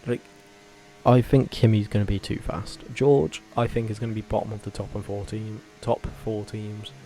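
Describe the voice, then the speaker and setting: Low, mellow man rambling opinions. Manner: rambling and animated, with self-corrections and tangents. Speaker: vlogger. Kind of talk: casual opinionated commentary.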